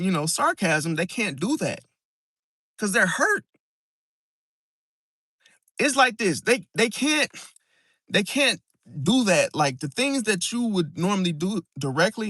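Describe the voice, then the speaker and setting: In a studio-quality recording without room sound, a man speaks in a high, bright, forceful voice. His casual astrology monologue to camera is emphatic, full of restarts, repeated words, and constant "see?" and "bro."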